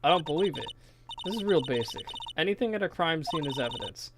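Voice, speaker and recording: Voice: medium pitch, expressive, brisk, background noise, natural voice. Bubbly young science-obsessed girl, read by a streamer from a game. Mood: eager. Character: eager young female forensic-science fan. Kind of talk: reading a video game script aloud.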